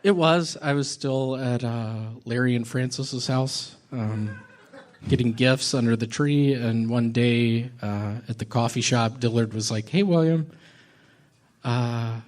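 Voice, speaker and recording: A man in his thirties doing a halting, deadpan stand-up set with odd pauses on a comedy club stage. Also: mid-range voice. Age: 30s.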